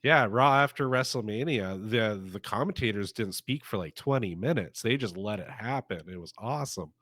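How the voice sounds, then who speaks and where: A man's voice: on the low side, animated, normal speed, a bit bright, no echo, clean studio sound. A man co-hosting a wrestling podcast, talking enthusiastically and casually, with frequent "uh" fillers. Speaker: podcast co-host. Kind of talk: casual wrestling review chat.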